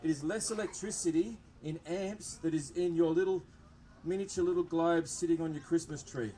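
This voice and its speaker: An Australian man with a slightly high voice, talking at normal speed, is a police presenter at an outdoor public open day. Using a loudspeaker mic, he gives an upbeat, jokey address to the live crowd and chats with the kids among them.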